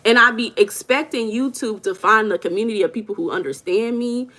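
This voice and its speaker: A woman's voice: a little high, a little fast, sharp tone. A woman with a Southern US accent hosting a casual livestream, talking directly to viewers and reading their comments aloud. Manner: chatty, direct, talks to viewers as "y'all". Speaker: livestream host reading chat.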